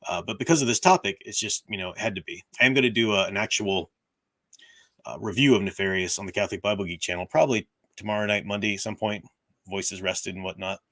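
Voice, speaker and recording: A man with a fairly low, hoarse voice chats loosely to his livestream viewers from home. He talks in a rambling way, stopping and restarting his sentences with plenty of fillers. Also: fairly even intonation, fast talker, a bit bright. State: hoarse, voice worn out. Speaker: livestream host. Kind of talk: casual livestream chat. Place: at home, room with bookshelves.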